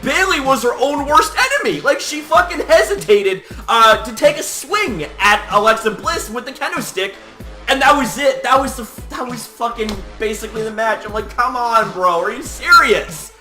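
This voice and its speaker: A young man casually recapping wrestling results, animated and swearing freely, full of fillers. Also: extremely high pitch, normal speed. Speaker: wrestling commentator, channel host. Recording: echoey room with faint music.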